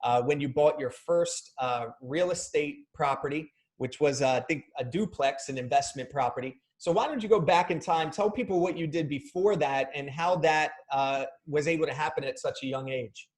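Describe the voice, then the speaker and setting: Higher-pitched man hosting a podcast. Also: moderate pace, few pauses. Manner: casual, prompting the guest to tell his story. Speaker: podcast host. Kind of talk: interview questions.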